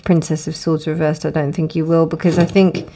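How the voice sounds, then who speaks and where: A woman's voice: deep voice, level tone, brisk, warm tone. A woman giving a casual tarot reading, rambling with many restarts and fillers. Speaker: tarot reader. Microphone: close, dry room with windows closed.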